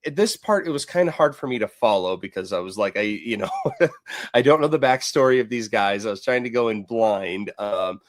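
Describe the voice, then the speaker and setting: A man's voice: on the low side, animated. Hesitant man in casual chat. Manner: hesitant, halting phrasing.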